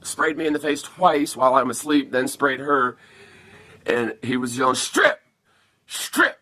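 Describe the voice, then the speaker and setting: A man's voice: mid-range voice, steady tone, normal speed, sharp tone. Rambling, profane man vlogging on a phone. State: upset after an attack. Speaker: vlogger asking viewers for help. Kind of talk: casual to-camera vlog. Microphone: phone camera.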